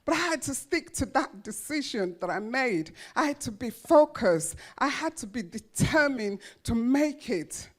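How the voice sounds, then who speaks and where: A woman giving a motivational speech to an audience, telling her life story with emphatic, dramatic pauses and repeated phrases. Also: high voice, animated. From grew up in a children's home. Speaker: motivational speaker.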